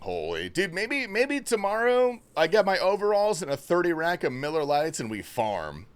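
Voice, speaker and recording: Lively joking livestream host man. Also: sits high, moderate pace, clean tone. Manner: loose, joking, swears a lot; reads and thanks chat messages. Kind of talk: casual livestream chat.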